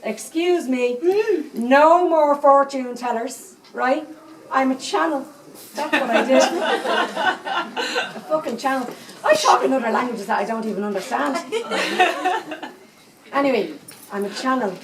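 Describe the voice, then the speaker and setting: A woman's voice: high-pitched, big pitch swings, a little slow, pauses often, over a noisy crowd, full character voice. A woman performing a foul-mouthed 78-year-old Dublin psychic in a live stage comedy monologue, with a thick Dublin accent and constant swearing asides. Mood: cheeky. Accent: Dublin Irish. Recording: echoey room, mic far off.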